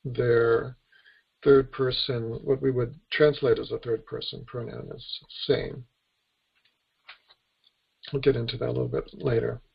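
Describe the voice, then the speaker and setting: Gravelly American man teaching a webinar. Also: mid-range voice, level tone, measured pace, pauses often, dull audio. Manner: explains patiently, spells out letters and sounds. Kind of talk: lecture to an online class. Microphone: computer microphone on a webinar.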